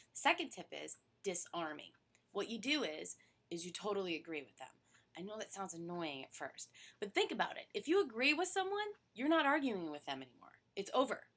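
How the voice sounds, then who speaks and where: A woman stress therapist teaching to camera in a voice of middling pitch. She talks with lively energy and keeps dropping her voice to a hushed near-whisper to show a point. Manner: animated, drops to soft near-whispers to demonstrate. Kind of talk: instructional talk to camera.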